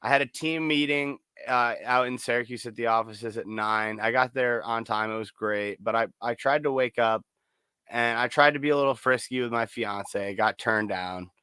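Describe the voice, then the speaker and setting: A man co-hosting a casual podcast, telling a story in an animated, heavily profane way. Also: mid-range voice, moderate pace, clear, resonant tone, dry recording. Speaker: podcast co-host. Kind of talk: casual chat.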